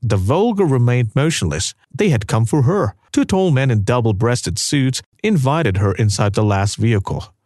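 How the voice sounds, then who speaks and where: A man giving measured documentary narration about historical events. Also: medium pitch, a little mellow, dry recording, studio quality.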